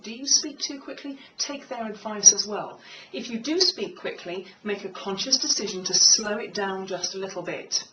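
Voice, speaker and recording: A woman coach talks through tips on speaking with confidence, in a measured, deliberate way. Her voice sits a little back from the mic, and a faint room hum runs underneath. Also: medium pitch, a bit bright. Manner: measured, demonstrates slow and fast speech. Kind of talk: instructional talk to camera. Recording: slightly distant mic with faint room noise.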